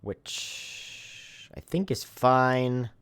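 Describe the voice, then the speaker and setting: Animated male streamer playing a game. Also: medium pitch, extremely slow, creaky, clear, resonant tone. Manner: self-deprecating, reads game text aloud. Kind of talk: casual let's-play commentary.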